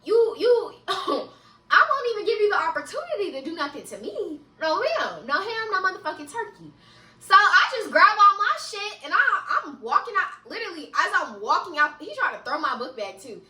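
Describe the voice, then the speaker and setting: A young woman telling a casual story-time vlog, animated and laughing often, with frequent swearing, recorded in an echoey room a little away from the mic. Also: very high voice, moderate pace, distant mic. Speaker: vlogger.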